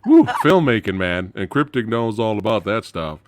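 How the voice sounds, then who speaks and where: A man's voice: fairly low pitch, very animated, moderate pace, noisy background. A man hosting a podcast, casual and enthusiastic with frequent exclamations. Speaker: podcast host. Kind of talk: casual chat.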